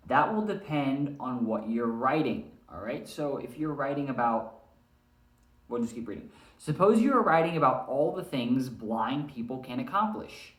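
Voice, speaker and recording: A man's voice: medium pitch, lively intonation, normal speed. A male teacher giving a recorded language arts lesson, explaining step by step and often checking in with "all right?". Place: room with a whiteboard. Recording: echoey room.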